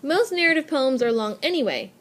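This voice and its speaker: With lively intonation and a fairly quick pace, a young woman narrates a classroom lesson recorded on a tablet mic. Her voice sits slightly high for a woman, and she explains things in an upbeat, clear, teacherly manner, repeating the main points to make them stick.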